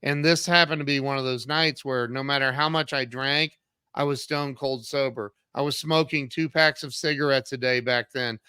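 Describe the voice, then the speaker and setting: A man's voice: mid-range voice, steady tone, normal speed, clean tone, no room sound, studio quality. A middle-aged man, an author and CEO, telling his own story earnestly in an interview and acting out past dialogue. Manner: earnest, acts out past dialogue with sudden loud jumps.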